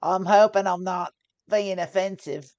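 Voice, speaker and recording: A woman talks through her poker hands live. She thinks aloud and often restarts her sentences. Her mid-pitched voice sounds dry and close to the mic. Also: unhurried, darkish tone, no echo, dull audio. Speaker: poker streamer. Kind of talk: live poker play-and-explain commentary.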